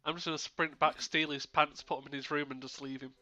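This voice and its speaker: A man's voice: a little high, level tone, fast, pushed and bright, dry recording. A man playing a tabletop role-playing game in casual, joking play. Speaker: player.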